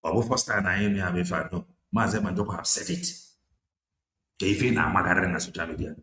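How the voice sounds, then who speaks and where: A low, steady voice races along very fast as a man with a Nigerian Igbo accent preaches passionately about politics. He exhorts forcefully, moving between English and Igbo, in an echoey room with faint noise.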